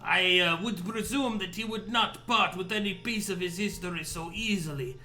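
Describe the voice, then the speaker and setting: A man's voice: high-pitched, normal speed, sharp tone. A man voicing a sly, courteous male gator informant with a put-on French accent and theatrical manner. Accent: fake French.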